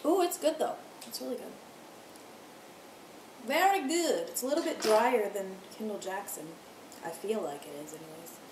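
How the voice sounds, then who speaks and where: A woman's voice: medium pitch, lively intonation, moderate pace, long pauses, background noise. A young woman in her twenties, a restaurant server, chatting to camera at home, rambling, swearing freely and ranting heatedly. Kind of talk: casual chat to camera. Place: home room with TV on.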